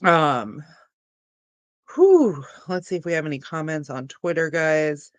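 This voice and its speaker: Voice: medium pitch, steady tone, normal speed, fairly bright tone, clean tone. A young adult streamer chats to viewers in a loose, laid-back, rambling manner, talking casually and at length. The voice sits in a middle range and is caught close on a dry mic with no room echo. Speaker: cannabis livestream host. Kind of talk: casual livestream chat.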